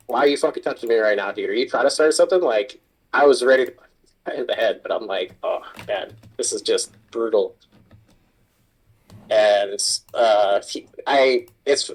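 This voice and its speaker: A man's voice: medium pitch, rough recording. Swearing man telling a work story. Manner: swears a lot, animated storytelling. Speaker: kitchen supervisor. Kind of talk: casual chat while gaming.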